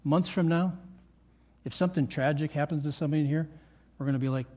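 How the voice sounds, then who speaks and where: High-voiced older man preaching earnestly. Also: fast talker, pauses often, darkish tone. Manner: earnest, repeats key phrases for emphasis. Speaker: pastor. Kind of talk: sermon. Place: church meeting room.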